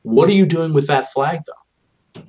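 A man's voice: a little high, unhurried, darkish tone. A man co-hosting a casual, profane podcast chat, rambling and swearing freely. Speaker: podcast co-host. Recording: dull lo-fi recording.

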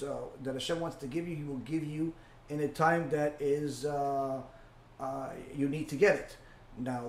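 A man teaching a Torah class and answering questions, halting with many fillers and repeating key phrases. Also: medium pitch, roomy sound, slight background noise. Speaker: rabbi teacher.

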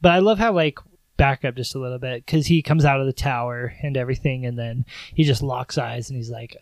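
A man co-hosting a podcast, chatting casually about a movie, laughing often and acting out lines loudly. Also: medium pitch, a little fast, no echo. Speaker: podcast co-host.

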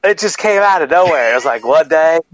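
A man playing the ghost of a loud older male baseball announcer in a comedic impression sketch, boisterous and rambling. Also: a little high, animated, brisk, dry recording, close to an everyday voice. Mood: brash. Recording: dull lo-fi podcast audio.

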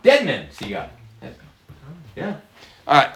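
Pastor guy preaching to the church, laughs a lot, roomy echoey sound. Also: on the high side. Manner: lively, slows down to stress key words, laughs often. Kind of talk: sermon with congregation banter.

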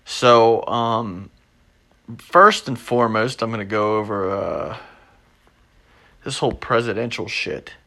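A young man hosting his own show, ranting off the cuff with constant swearing, moving between low mumbles and loud agitated outbursts. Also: expressive, slow, gravelly, pauses often. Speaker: podcast host. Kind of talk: unscripted ranting monologue.

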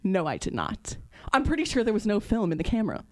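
She talks fast at a medium pitch, this woman in her thirties co-hosting a podcast. Her casual storytelling is animated, with voices put on for the people she mentions.

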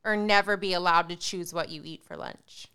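A woman's voice: on the low side, moderate pace, sharp tone, clear, resonant tone. A woman hosting a podcast, upbeat as she reads quiz questions to her guest. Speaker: podcast host.

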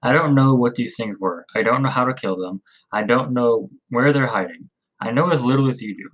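A man voicing a stern, gruff middle-aged father and leader in a storybook, speaking gravely. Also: mid-range voice, brisk, lightly acted, poor audio.

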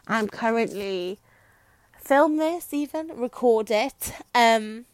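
A woman's voice: on the high side, lively intonation, takes it slowly, dry recording. Rambling Welsh woman podcaster. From Wales. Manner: rambling, chatty and self-deprecating. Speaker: podcast host. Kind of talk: casual chat. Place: bedroom, lying on her bed. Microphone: microphone.

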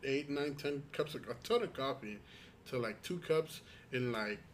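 Brief: mid-pitched man, rambling anecdotes, faint hiss behind. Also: normal speed. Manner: rambling storyteller, many restarts and quoted asides. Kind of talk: casual chat.

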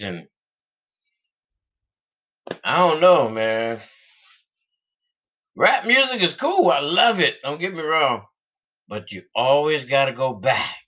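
A man talks slowly in a loose, unscripted vlog monologue, earnest and rambling, with laughs between thoughts. His voice is bright and forward, and the audio is dull and lo-fi. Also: medium pitch.

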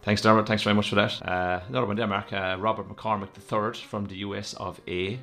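A man co-hosting a casual podcast, reading out listener stories with easy, foul-mouthed banter. His voice sits low with a gravelly rasp, and faint music plays underneath. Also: flat delivery, fairly quick, fairly bright tone. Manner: laid-back, crude banter, reading listener messages. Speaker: podcast co-host.

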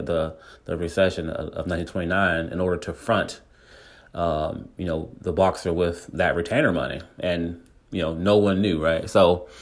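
A man with a very deep, low voice tells a long story in a loose, casual way. He circles back often and fills gaps with "you know" and repeated words. It sounds like an unscripted podcast monologue. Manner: rambling, many fillers and restarts. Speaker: podcast host.

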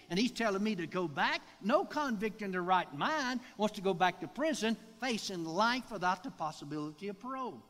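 A man, a pastor giving a sermon testimony, telling his story in an animated way and acting out the voices he quotes. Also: sits high. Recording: long hall reverb.

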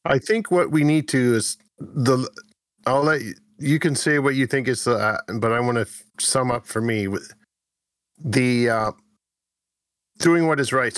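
A chatty man co-hosts a casual faith podcast, rambling and animated, often cutting himself off midway. His voice sits in a middle register and sounds dry and close, with no room around it. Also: medium pitch, no room sound. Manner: rambling, animated, self-interrupting. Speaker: podcast co-host.

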